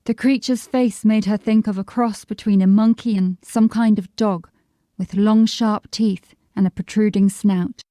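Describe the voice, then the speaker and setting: Warm, mellow woman narrating a story. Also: medium pitch, fairly even intonation, dry recording, clean studio sound. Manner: measured, descriptive storytelling. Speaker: audiobook narrator. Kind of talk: scripted narration.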